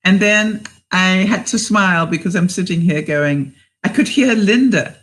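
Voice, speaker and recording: A woman's voice: lowish voice, measured pace, poor audio. A woman vlogger in a casual livestream chat, telling a story to her viewers, laughing often and asking them for their thoughts. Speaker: vlogger answering live viewers.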